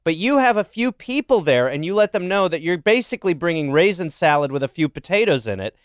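Male co-host, upbeat, bouncy pitch, dry close sound, playful. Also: brisk, clean tone, dry recording. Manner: lively, laughing, riffs on ideas. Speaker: podcast co-host. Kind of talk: casual chat.

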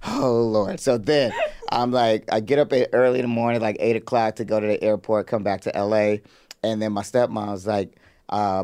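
A young man co-hosting a podcast, telling stories in laid-back, slangy casual chat and laughing loudly. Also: on the low side, steady tone, moderate pace, smooth. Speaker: podcast co-host.

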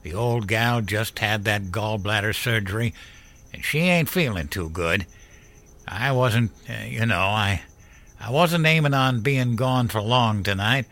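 A man's voice: lowish voice, unhurried, fairly bright tone. A man voicing a panicked younger brother who has been drinking and pleads desperately. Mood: desperate pleading. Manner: desperate, whining pleas.

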